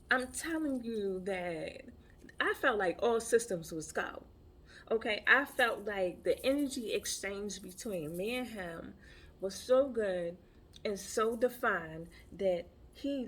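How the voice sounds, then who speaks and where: A woman who practices tantra tells a personal story in a medium-pitched, slightly rough voice. She's chatty and emphatic, often repeating her phrases.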